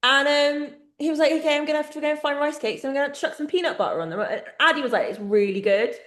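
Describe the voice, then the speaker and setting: A woman's voice: high voice, quick pace, a bit bright, roomy sound. An English woman co-hosting a podcast, telling stories in casual chat and laughing often. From England. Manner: chatty storyteller, laughs often. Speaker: podcast co-host.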